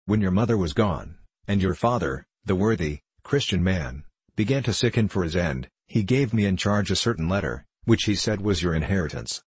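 A man voicing an elderly, kindly, preachy country minister in a storybook reading, speaking in a solemn, measured, old-fashioned way. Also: low-pitched, expressive, breathy edge, no echo. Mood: earnest counsel.

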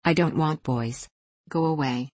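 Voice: medium pitch, unhurried, a little mellow, no echo, lightly acted. A reader voicing a spoiled, stubborn little girl who snaps and sulks, with a dry, close sound. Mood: sulky. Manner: snappish, stubborn.

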